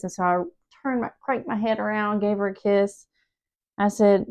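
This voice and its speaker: Frazzled mom chatting while cooking. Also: female voice, medium pitch, steady tone, moderate pace, a little mellow. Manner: emotional, rambling storytelling. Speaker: mom vlogger cooking at home. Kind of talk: casual chat while cooking. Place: home kitchen.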